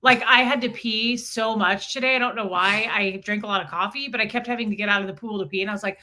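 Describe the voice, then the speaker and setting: Bright chatty woman hosting a live stream. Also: mid-range voice, fast, hardly any pauses. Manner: chatty, greets viewers by name. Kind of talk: casual live-stream chat.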